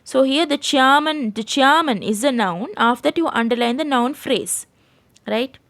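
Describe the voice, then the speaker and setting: Sri lankan lady teacher, bit high voice, online grammar class, keeps saying right?. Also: lively intonation, normal speed, creaky, a bit bright. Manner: explains patiently, keeps checking with "right?". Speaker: English teacher. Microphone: screen-share voice recording.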